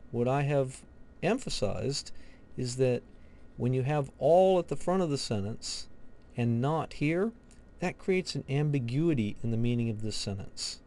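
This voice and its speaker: A man's voice: medium pitch, dark tone. A man teaching a logic lesson, explaining step by step and asking and answering his own questions. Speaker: logic instructor. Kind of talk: recorded lecture walkthrough.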